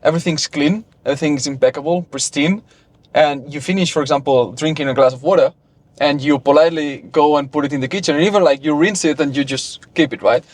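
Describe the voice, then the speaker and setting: A man hosting a podcast conversation in a car, relaxed, with plenty of agreeing murmurs. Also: a little high, fast talker, dry recording. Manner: frequent "mm-hmm" and "yeah" backchannels, relaxed storytelling. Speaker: podcast host. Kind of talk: casual interview conversation.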